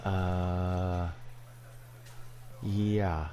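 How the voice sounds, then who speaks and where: A man's voice: low voice, level tone, very slow, mellow, slight background noise. A man giving sarcastic, incredulous commentary over gameplay, ranting with exasperation. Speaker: gaming video creator.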